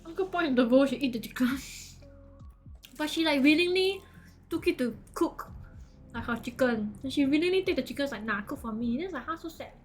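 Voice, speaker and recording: A woman's voice: high voice, animated, fairly quick, darkish tone, soft background music. A woman chatting casually as a streamer, giggly and chatty with loose grammar. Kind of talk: casual reaction chat.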